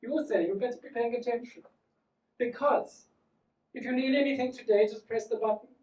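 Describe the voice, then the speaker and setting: A man's voice: very high voice, brisk, a little mellow, voice pushed up. A man voicing a sassy, sarcastic German male flight attendant with a German accent. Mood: campy. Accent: German, put on. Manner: campy, sarcastic. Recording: roomy theatre, from far off.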